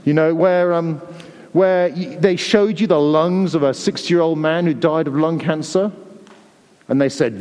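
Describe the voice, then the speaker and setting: A man preaches a sermon in a church, his voice sitting a little high for a man. He is earnest and pleading and often stumbles into repeating words as he presses a point. A long reverb trails each phrase around the hall. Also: unhurried, a little mellow. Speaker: pastor.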